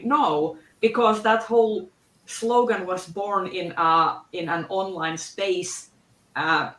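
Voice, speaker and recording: A woman on a video call in a casual book club discussion, speaking haltingly with many restarts. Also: lowish voice, fairly bright tone. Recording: roomy echo.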